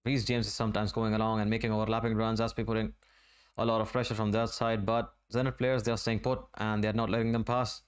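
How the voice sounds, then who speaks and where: Smooth-voiced man doing live football commentary. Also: on the low side, flat delivery. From Asia. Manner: running play-by-play, conversational and unhurried. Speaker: streamer. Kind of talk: live match watch-along commentary.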